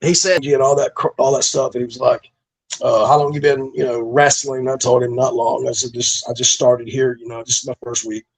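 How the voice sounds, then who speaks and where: Gravelly, husky ex-wrestler telling stories. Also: male voice, mid-range voice, flat delivery, brisk. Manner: profane, laid-back storytelling with frequent laughs and fillers. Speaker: former pro wrestler, guest. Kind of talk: casual storytelling interview.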